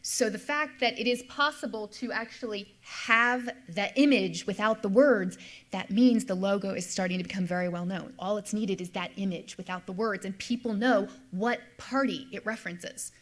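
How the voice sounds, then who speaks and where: A middle-aged female history professor gives an explanatory lecture with slides, repeating important points for emphasis. She speaks at medium pitch and a moderate pace.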